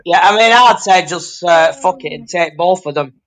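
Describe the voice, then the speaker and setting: A man's voice: high-pitched, normal speed, fairly bright tone. A man guest on a live stream, chatting in an easygoing, hesitant way with lots of ums and uhs. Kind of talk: casual chat on a live stream.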